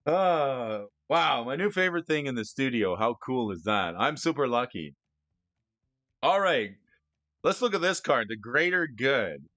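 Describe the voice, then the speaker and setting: A man streaming casually, excitable and often stammering through restarts as he talks about cards and gifts. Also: mid-range voice, a little slow, no echo. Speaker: streamer discussing card prices. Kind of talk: casual live-stream chat.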